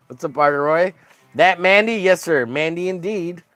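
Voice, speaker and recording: A man's voice: fairly high pitch, moderate pace, a bit bright, no room sound. A man hosting a casual drawing livestream, joking crudely and greeting viewers by name as he works. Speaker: livestream host.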